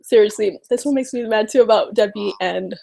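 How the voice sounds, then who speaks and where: Speaking briskly in a gravelly, medium-pitched voice, this woman vlogs about politics straight to camera on a low-quality recording. Her delivery is casual but nervous and exasperated, animated with mocking quotations of others and stuffed with "um" and "you know."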